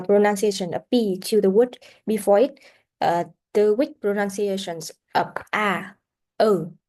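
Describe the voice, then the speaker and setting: A woman teaching a pronunciation lesson, pausing on fillers and repeating sounds and words for students to practise. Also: mid-range voice, a little mellow.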